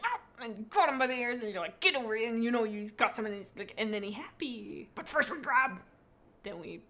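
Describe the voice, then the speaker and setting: A woman's voice: on the high side, bright, forceful tone. A woman on a live stream, rating viewers' pet cats in a playful, rambling way and reading chat comments aloud into a desk microphone.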